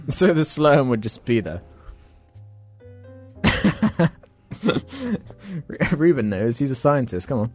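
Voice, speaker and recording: A man's voice: medium pitch, expressive, very slow, long pauses, a little mellow, faint music behind. A man co-hosting a casual podcast chat, laughing often. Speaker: podcast co-host.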